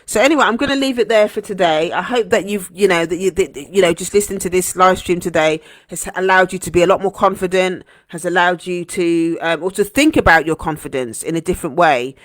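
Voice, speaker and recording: Woman coach on a live stream, earnest, gentle, repeats herself for emphasis, dry close sound. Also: fairly low pitch, a little fast, hardly any pauses, no echo. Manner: gentle, encouraging. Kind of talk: heartfelt motivational live stream talk.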